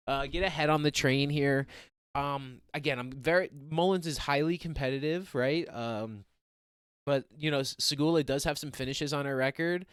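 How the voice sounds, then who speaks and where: A man's voice: mid-range voice, a bit bright, smooth, no room sound, studio quality. Rambling young man calling fight picks. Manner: rambling, loose, full of fillers and self-corrections. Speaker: MMA picks podcaster. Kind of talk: casual fight preview and predictions.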